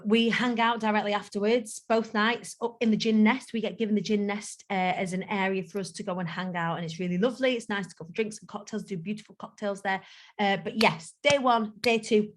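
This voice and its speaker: Woman coaching event speakers on a call, chatty and encouraging, laughs at herself. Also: medium pitch. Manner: chatty, self-deprecating, encouraging. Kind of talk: online group coaching call.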